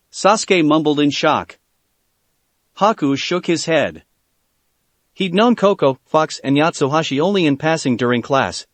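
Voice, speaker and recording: A man narrating a fan fiction story in a steady storytelling manner. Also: a little high, dry recording.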